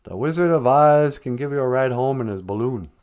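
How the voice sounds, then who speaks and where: A man voicing excited little Munchkins who speak in an eager, urgent way. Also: mid-range voice, brisk, smooth, pitched above the performer's own voice, lightly acted. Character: small excited crowd of Munchkins.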